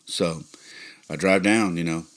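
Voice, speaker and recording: A man hosting a podcast, telling a personal family story in a rambling, casual way full of fillers. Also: unhurried. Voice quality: very deep, gravelly. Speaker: podcast host.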